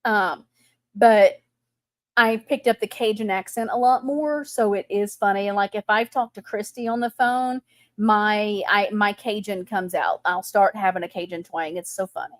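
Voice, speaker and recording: A middle-aged Texan woman hosts a casual live chat, greeting viewers chattily and laughing often. Her voice is medium-pitched at a normal speed, with no echo.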